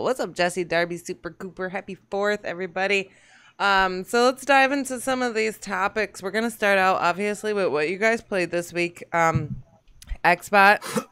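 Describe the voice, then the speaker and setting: A woman hosting a casual gaming podcast, bubbly and quick to tease her co-hosts. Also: mid-range voice, fairly bright tone, smooth. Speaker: podcast host.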